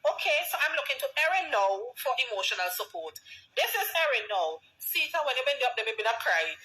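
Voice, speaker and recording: A woman's voice: on the high side, very animated, a little fast, pushed and bright, a little hiss or hum, poor audio. A young woman with a Vincentian accent, a dancehall artist, talking casually and emotionally to her fans, her voice breaking with tears and laughter. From Saint Vincent and the Grenadines.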